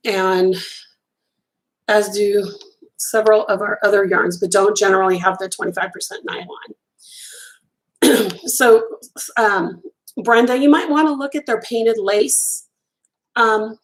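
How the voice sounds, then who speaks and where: Chatty woman crochet host, slightly hoarse. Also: medium pitch, measured pace, pauses often, rough recording. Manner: chatty, enthusiastic, admiring, talks to viewers by name. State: losing her voice, clearing her throat. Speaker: crochet designer hosting a live stream. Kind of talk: casual live-stream chat.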